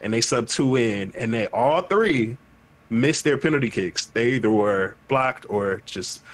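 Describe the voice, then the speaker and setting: Man, podcast host, casual chat, animated, emphatic, profane, mid-pitched. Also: measured pace.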